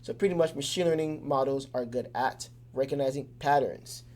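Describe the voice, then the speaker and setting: Brief: a man as a relaxed lesson host, loose delivery with plenty of fillers, keeps it simple. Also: mid-range voice, moderate pace. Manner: loose and conversational, with many fillers and restarts; keeps things simple with everyday examples. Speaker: teacher. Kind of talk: casual explainer lesson.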